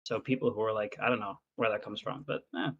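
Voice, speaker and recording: A man's voice: on the low side, fairly even intonation, quick pace, slight background noise. A man from Israel, a guest on a call, explaining things hesitantly with many fillers. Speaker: guest caller. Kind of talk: casual chat. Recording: dull lo-fi call audio.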